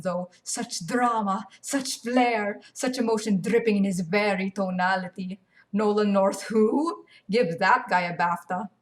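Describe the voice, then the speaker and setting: A young woman giving a casual, sarcastic rant about video games. Her voice sits in a middle register and she swears freely. She sounds animated throughout. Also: medium pitch. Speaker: gaming video commentator. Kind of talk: ranting game commentary.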